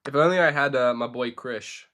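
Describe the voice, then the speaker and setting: A man's voice: mid-range voice, a little fast, bright, forceful tone. A young man chatting casually with his live-stream audience while playing chess, joking and answering questions.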